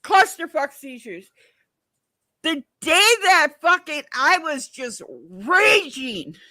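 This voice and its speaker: Woman streamer, high-pitched and unhurried, swears freely, home livestream chat. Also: no echo. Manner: blunt and profane, animated storytelling. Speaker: live streamer.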